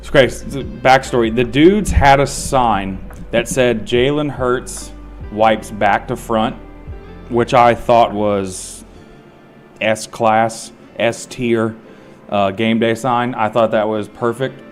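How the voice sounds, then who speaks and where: A man's voice: medium pitch, steady tone, slow pace, faint music behind. A man streaming a game and chatting casually, rambling and swearing freely. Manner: rambling, profane, laid-back. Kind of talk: casual chat while gaming.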